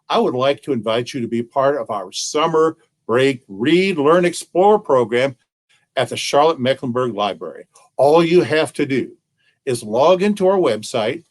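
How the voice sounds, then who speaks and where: Animated storytelling man, lively pitch. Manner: animated, playful, asks the audience questions. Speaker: children's librarian. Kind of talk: interactive storytelling to camera.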